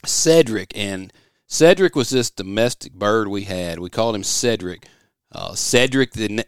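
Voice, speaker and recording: A man's voice: on the low side, lively intonation, unhurried, clear, resonant tone, dry recording. A middle-aged man from West Tennessee, hosting a podcast in a studio office, rambling and folksy as he tells stories. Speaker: podcast host. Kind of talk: casual podcast chat.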